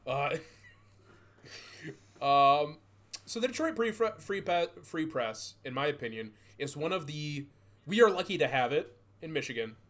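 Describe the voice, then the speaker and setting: A man hosting a comedy podcast. His voice is on the high side and swings widely in pitch. He chats in a loose, mocking way and swears often. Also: unhurried, long pauses. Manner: animated, laughing, profane, mocking. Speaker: podcast host. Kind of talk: casual comedic chat.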